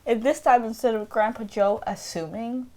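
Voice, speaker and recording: A woman's voice: fairly high pitch, darkish tone. Playful woman chatting casually. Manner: playful, acts out characters in quick voices, lots of "like". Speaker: podcast co-host. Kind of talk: casual chat.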